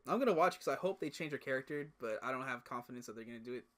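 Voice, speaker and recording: Young man, podcast co-host, rapid casual chat, mid pitch, loose swearing. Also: expressive, a bit bright.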